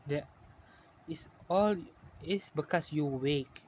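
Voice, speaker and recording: A man voicing a ghostly little sister who quietly and coldly blames her brother, in a fan-made story. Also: slow, slight background noise, low-quality recording. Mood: accusing. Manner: low, quiet, accusing. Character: accusing ghostly little sister, cold and blaming.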